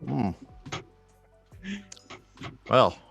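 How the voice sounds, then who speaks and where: A man's voice: very slow, fairly bright tone, muffled recording, faint music behind. A man playing a tabletop character in a folksy, drawling manner. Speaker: player.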